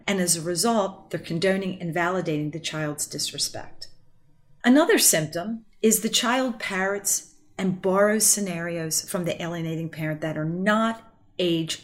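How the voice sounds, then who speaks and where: A middle-aged woman counselor explaining a family issue to parents, earnest and emphatic, slipping into quoted dialogue. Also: on the low side.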